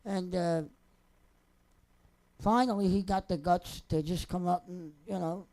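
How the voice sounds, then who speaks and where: A man's voice: high voice, fairly even intonation, a little slow, a little mellow, poor audio. A young man, a singer telling personal stories off the cuff in a rambling, wry, joking way. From New Jersey. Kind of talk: casual off-the-cuff storytelling.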